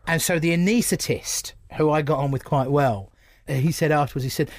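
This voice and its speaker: A man's voice: fairly high pitch, brisk, no room sound. A man, a stand-up comedian, telling stories in an interview in a blunt, jokey way and acting out other people's lines. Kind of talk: casual interview storytelling.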